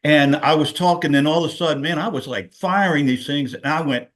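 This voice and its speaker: A man's voice: a little high, brisk, a bit bright. A middle-aged man recounting a personal story on a video call, rambling, with many fillers. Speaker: guest sharing a personal story. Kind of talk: casual testimonial on a video call.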